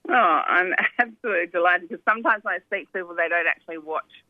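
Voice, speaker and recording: A woman's voice: on the low side, quick pace, no echo. A woman documentary filmmaker, talking animatedly on the phone with lots of "you know" asides. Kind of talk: phone interview, chatty storytelling. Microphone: telephone. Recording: tinny phone line, dry.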